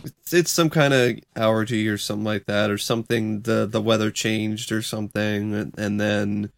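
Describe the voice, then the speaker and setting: A man's voice: on the low side, fairly even intonation, normal speed, vocal fry, no room sound. Male podcast co-host, dry close mic, easygoing, hedges and swears at his slip-ups. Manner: laid-back, hedging, curses when tripping on a word. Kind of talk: casual chat.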